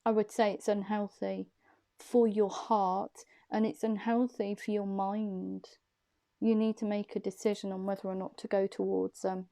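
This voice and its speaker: A woman's voice: medium pitch, little pitch movement, measured pace, vocal fry, dark tone. A woman, a reader chatting casually and laughing at herself as she tells a personal story. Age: young adult. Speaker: intuitive reader.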